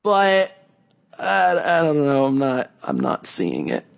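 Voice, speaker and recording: A man's voice: a little high, wildly swooping pitch, slow, gravelly. A man co-hosting a casual podcast, talking in a sarcastic, rambling way. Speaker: podcast co-host. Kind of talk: casual wrestling chat.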